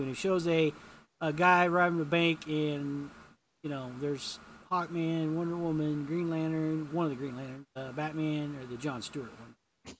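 A man's voice: a little high, little pitch movement, normal speed, slight background noise. A man co-hosting a casual podcast, recapping a comic in a rambling way and acting out the characters' lines in a raised voice. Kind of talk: casual chat.

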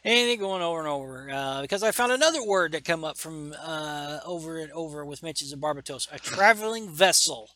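Man, enthusiastic, casual comic read-aloud, bright, slightly high, close dry sound. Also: brisk, hardly any pauses, no echo. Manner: enthusiastic, playing out the characters' lines with many fillers. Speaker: comic book podcast host.

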